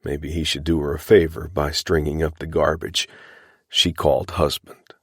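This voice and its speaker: A man narrating a western audiobook in a measured, even storytelling manner. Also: extremely low pitch, creaky, husky, dry recording, studio quality.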